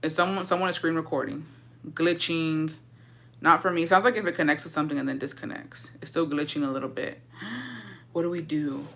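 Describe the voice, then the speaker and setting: A young woman talks into her phone and headphones on a live stream, dishing a story with blunt, profane energy. Her voice sits fairly low but comes across bright and sharp, full of animated swings. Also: brisk.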